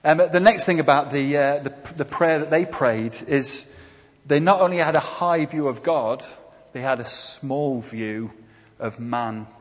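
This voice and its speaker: A preacher with a slightly high, unhurried voice gives a conversational sermon with slides. He often tosses tag questions to the congregation and hesitates with fillers, all captured in a dull, echoey hall.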